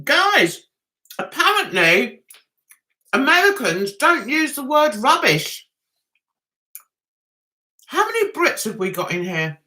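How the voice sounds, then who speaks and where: Bright-voiced chatty English woman. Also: high voice, big pitch swings, slow, long pauses. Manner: chatty, reads viewer comments aloud and answers them with frequent laughs. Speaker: livestream host. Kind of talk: casual livestream chat.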